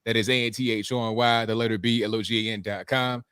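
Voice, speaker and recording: A man's voice: lowish voice, little pitch movement, fast talker, a bit bright, clear, resonant tone, no room sound, clean studio sound. A man talking as a guest on a casual panel, upbeat and spelling things out plainly.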